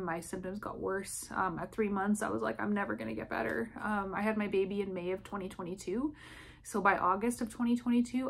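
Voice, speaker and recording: Gravelly-voiced woman telling her story. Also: medium pitch. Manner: halting, emotional, with frequent restarts. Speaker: vlogger sharing a personal experience. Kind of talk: candid personal testimony.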